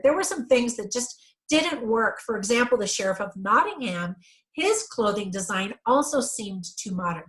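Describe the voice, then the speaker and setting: A woman's voice: a little high, poor audio. A middle-aged woman giving a casual movie review, chatty and full of ums, correcting herself as she goes.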